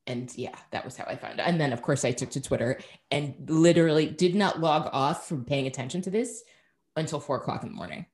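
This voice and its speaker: A woman co-hosting a podcast in casual chat, animated and self-deprecating, laughing often. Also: sits low, brisk. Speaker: podcast co-host.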